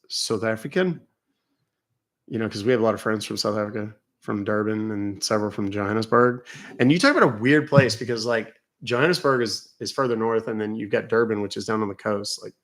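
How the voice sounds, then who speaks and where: A middle-aged man from Texas, hosting a live stream in casual, joking, profane and rambling chat. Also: on the low side.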